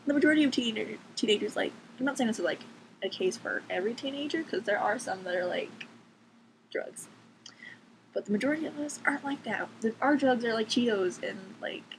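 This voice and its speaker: A teenage girl ranting casually to camera from her bedroom, sarcastic, swearing freely and filling her talk with "like". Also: mid-range voice. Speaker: vlogger. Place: bedroom at home. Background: cats making noise.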